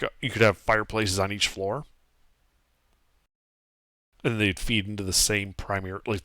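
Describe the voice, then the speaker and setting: A man's voice: fairly low pitch, fairly bright tone, no echo. A man narrating as game master of a tabletop game on a live stream, explaining details patiently.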